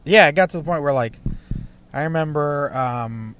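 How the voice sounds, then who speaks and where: A man's voice: fairly high pitch, moderate pace, a bit bright, smooth. A young man, a stand-up comedian, telling a loose, profane story from his past in a casual chat, full of fillers like "you know" and "like". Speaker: comedian guest.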